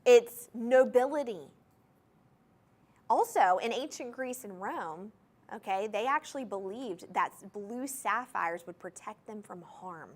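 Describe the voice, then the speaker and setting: Enthusiastic woman shopping host, bright higher voice with a wildly lively pitch, live TV sales pitch. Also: unhurried. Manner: gushing, enthusiastic, talks straight to viewers. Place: TV studio.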